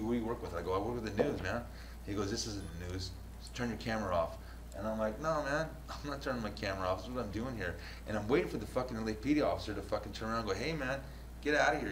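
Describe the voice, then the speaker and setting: A man, hosting a casual talk show and telling a rough street story full of swearing. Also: fairly low pitch, a bit bright. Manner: profane, storytelling, laughs often. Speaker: show host and news videographer. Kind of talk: casual podcast chat. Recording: echoey room with faint noise.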